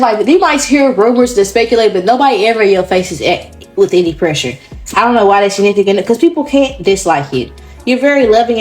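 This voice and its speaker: A woman's voice: fairly low pitch, darkish tone. A woman giving a casual pick-a-card tarot reading, talking in a chatty, rambling way with a lot of swearing and laughter. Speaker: tarot reader.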